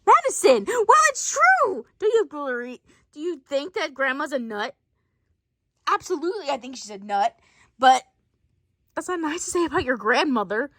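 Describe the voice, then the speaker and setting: A woman's voice: high voice, lively intonation, moderate pace, pauses often, no room sound, studio quality. A woman telling a playful family story, switching between many character voices. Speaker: storyteller voicing a family skit. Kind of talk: playful family role-play.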